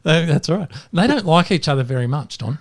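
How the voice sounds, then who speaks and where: A man, co-hosting a podcast and telling dad jokes with animated storytelling. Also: on the high side, fairly quick. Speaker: podcast co-host.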